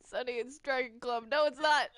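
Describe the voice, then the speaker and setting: A woman playing a game roleplay in casual chat, laughing often and protesting with rapid repeated no's. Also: high voice, fairly even intonation, a bit bright, smooth, dry recording. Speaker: player narrating a game roleplay.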